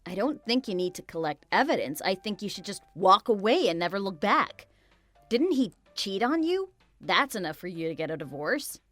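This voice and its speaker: A woman's voice: mid-range voice, sing-song, normal speed, a bit bright, soft background music. A woman's text-to-speech voice playing a blunt, pushy friend who urges her to leave. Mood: blunt, urging. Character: blunt, protective female friend.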